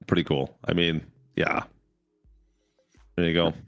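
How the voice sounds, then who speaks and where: A man co-hosting a casual gaming podcast, relaxed, agreeable and teasing. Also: sits low, measured pace, dry recording, soft background music. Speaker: podcast co-host.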